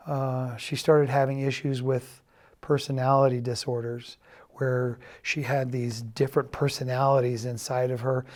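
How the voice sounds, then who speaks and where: A middle-aged man giving a halting, earnest confessional testimony, often dropping to a quiet, subdued tone. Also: medium pitch, flat delivery. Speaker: church member giving a personal testimony.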